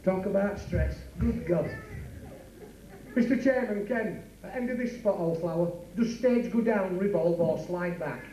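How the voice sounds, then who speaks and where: A man's voice: sits high, unhurried, reverberant, far from the mic, background noise. A man with a Yorkshire accent playing the scolding straight man in a club comedy double act, recorded live.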